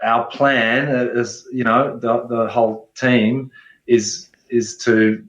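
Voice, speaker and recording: A man, a guest ecologist explaining his work in relaxed interview talk, often restarting phrases. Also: mid-range voice, slow, echoey room, low-quality recording. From Australia.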